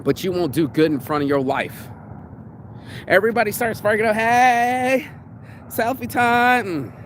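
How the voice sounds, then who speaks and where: Fired-up high-voiced man, crude and slangy. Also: lively intonation, fairly quick, slight background noise. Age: 40s. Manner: crude, pumped-up, slangy, acts out inner voices. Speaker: podcast host. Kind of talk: motivational monologue.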